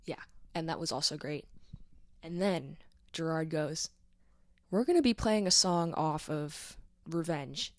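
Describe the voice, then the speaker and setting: A woman's voice: sits low, a little slow, long pauses. A young woman vlogging a casual, rambling recap with lots of fillers and giggles. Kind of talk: casual concert recap vlog.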